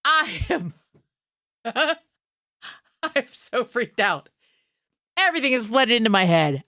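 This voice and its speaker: A woman hosting a podcast, telling a personal story in a casual, animated, self-deprecating way and acting out her own panic. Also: fairly high pitch, slow pace, pauses often, no room sound, studio quality. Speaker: podcast host.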